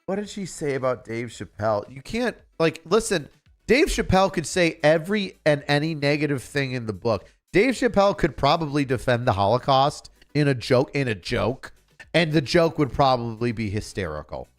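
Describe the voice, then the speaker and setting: A man's voice: medium pitch, big pitch swings, moderate pace, faint music behind. A man streaming a reaction to a comedy special, ranting in a sarcastic, exasperated way with lots of fillers and swearing. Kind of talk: casual reaction commentary.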